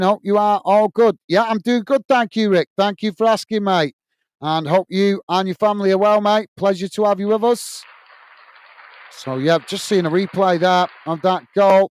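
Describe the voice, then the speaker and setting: Chatty high-voiced male football host. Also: clean tone, no room sound. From United Kingdom. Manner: friendly, reads out viewer messages, frequent "mate" and "uh" fillers; excited goal call. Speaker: watch-along host. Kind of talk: live football watch-along commentary and chat.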